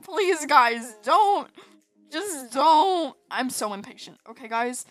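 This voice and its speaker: A woman's voice: high-pitched, animated, slow pace, fairly bright tone, no room sound, faint music behind. A woman chatting casually over her gameplay, rambling and giggly, sleepy from staying up. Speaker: gaming video host.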